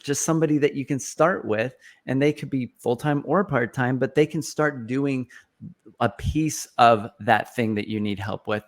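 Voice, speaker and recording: A man hosting a podcast and coaching business owners in a casual, energetic manner, often repeating points for emphasis. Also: medium pitch. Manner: energetic, restarts and fillers, emphatic repetition. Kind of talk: casual conversational advice.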